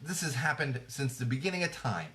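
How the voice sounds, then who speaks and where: Brisk, bright and forceful, with lively intonation in a mid-range voice, a man in his thirties hosts a podcast using a podcast microphone. His sarcastic, casual ramble about TV trends is heavy with fillers and restarts.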